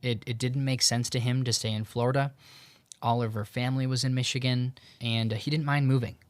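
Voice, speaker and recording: A young man hosting a podcast, retelling a story in a relaxed, casual way with lots of fillers and quoted dialogue. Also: medium pitch, brisk, dry recording. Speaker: podcast host. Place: home in Tucson.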